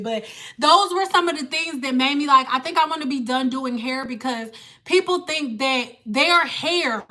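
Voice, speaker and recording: A woman who is a former hairstylist, telling stories in a blunt, animated way during a casual livestream, and she swears freely. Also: high voice.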